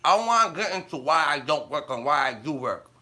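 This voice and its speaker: A man holds forth on a casual live stream, swearing freely and telling stories in street slang. His voice is a touch high and very bright, and it swings widely in pitch as he talks. He breaks into laughter often. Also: sing-song, a little fast. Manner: profane, blunt storytelling with street slang; laughs often while talking. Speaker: livestreamer.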